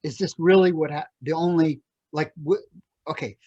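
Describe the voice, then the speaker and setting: A male host asking questions haltingly, often restarting them. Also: on the high side, darkish tone, dry recording. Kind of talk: interview. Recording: dull, dry, lo-fi recording.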